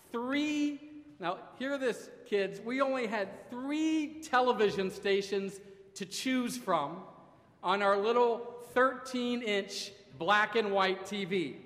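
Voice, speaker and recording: A man's voice: high-pitched, a bit bright. A middle-aged man from Ohio preaching a sermon as pastor, with wry, self-deprecating storytelling and comic timing, recorded from a pulpit microphone in a church sanctuary. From Ohio, USA. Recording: echoey church hall. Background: congregation laughing.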